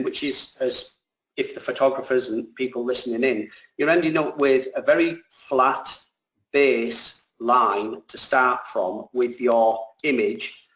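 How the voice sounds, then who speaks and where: A man explains drone work in loose, rambling sentences. He restarts and corrects himself as he talks, at a middling pitch. His voice carries the echo of a roomy space. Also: fairly bright tone. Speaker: drone pilot and trainer, guest. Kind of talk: casual explanatory answers.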